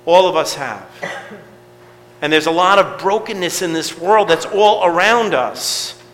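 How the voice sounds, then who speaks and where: Bright-voiced man preaching in a reverberant church. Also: high-pitched, unhurried. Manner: conversational preaching with rhetorical questions. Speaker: pastor. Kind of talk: sermon.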